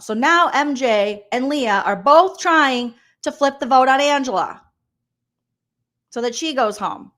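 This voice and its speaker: Gossipy, high-voiced woman comedian. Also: measured pace. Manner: animated, gossipy, sarcastic. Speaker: comedian host. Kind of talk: comedic reality TV recap.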